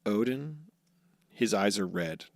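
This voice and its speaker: A young man co-hosting a podcast, casually recapping anime episodes with lots of swearing and quick character voices. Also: lowish voice, expressive, vocal fry, no room sound, clean studio sound. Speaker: podcast co-host.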